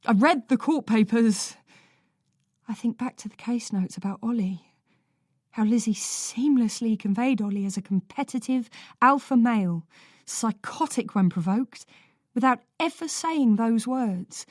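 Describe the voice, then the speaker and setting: A woman narrating an audiobook in the first person, measured and anxious. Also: a little high, a little mellow, no room sound, clean studio sound.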